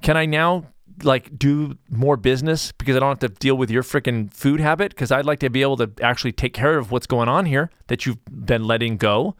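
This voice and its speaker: A man's voice: medium pitch, brisk, no echo, clean studio sound, natural voice. A man voicing a grateful human body speaking with an English accent, relieved to get a break.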